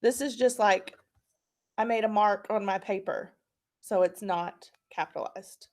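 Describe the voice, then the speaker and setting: A woman's voice: medium pitch, a little slow. A woman teacher leading a patient, encouraging phonics lesson for young children.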